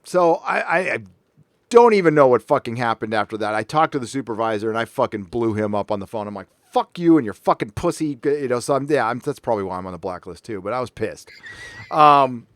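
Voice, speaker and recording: A man's voice: mid-range voice, expressive, fast, a bit bright, dry recording, studio quality. A middle-aged man hosting a casual panel show from his home recording room, telling a story animatedly and swearing freely. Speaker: podcast host.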